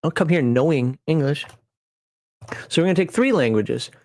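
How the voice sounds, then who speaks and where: A man's voice: a little high, expressive, moderate pace, darkish tone, dry recording. A man hosting a casual livestream as a game master, talking in a rambling, digressive way and chuckling at himself as he builds a character. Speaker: game master and channel host.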